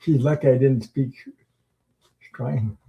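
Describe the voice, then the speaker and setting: A man hosting a tarot livestream, chatting casually with viewers in a rambling, halting way, with many fillers and chuckles. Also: medium pitch, steady tone, gravelly, muffled recording. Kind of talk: casual livestream chat reading viewer comments.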